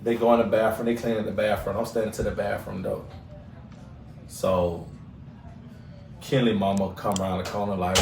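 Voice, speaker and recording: Male podcast host, an animated storyteller, recorded off-mic in an echoey room. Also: lowish voice, normal speed, pauses often, slight background noise. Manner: animated storyteller, acts out quoted voices. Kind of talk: casual storytelling. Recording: roomy echo, mic at a distance.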